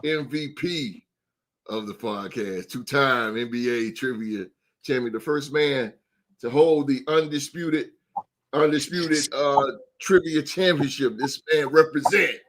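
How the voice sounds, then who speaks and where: A man hosting a sports podcast, reading sponsor plugs and giving booming announcer-style introductions to his co-hosts. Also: unhurried, a bit bright. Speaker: podcast host.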